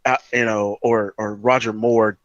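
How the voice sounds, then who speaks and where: A man's voice: lowish voice, little pitch movement, a little slow, no echo. A man co-hosting a podcast, arguing his point in casual chat. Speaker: podcast co-host. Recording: dull lo-fi recording.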